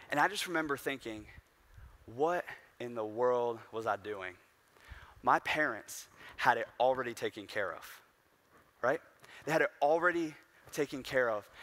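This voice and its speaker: A man's voice: medium pitch, pushed and bright. A young man preaching a sermon in a casual, storytelling way with conversational asides. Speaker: pastor.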